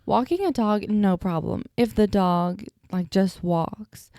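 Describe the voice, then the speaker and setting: A woman's voice: fairly low pitch, unhurried, vocal fry, few pauses, warm tone, dry recording, clean studio sound. A young woman hosting a podcast, telling stories in a chatty, self-deprecating way, sleepy and yawning, with a stutter at times. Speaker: podcast host. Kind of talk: casual solo storytelling.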